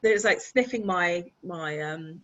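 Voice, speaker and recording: A woman, a guest telling lively anecdotes in a casual interview chat. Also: on the low side, moderate pace, dull audio. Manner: animated, laughing, chatty anecdotes. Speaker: guest, author and publisher. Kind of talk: casual conversational storytelling.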